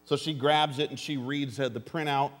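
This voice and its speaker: A man's voice: medium pitch, fairly even intonation, normal speed, a bit bright. A pastor preaching a sermon to his congregation, earnest and plainspoken, with dry jokes and calls for an amen. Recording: long hall reverb.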